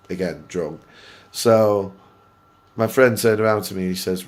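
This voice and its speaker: A man from Oldham with a Greater Manchester accent, hosting a gaming channel and telling a story in a casual, animated way, swearing freely and laughing at himself. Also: lowish voice, a little slow, long pauses. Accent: Greater Manchester English. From Oldham, England.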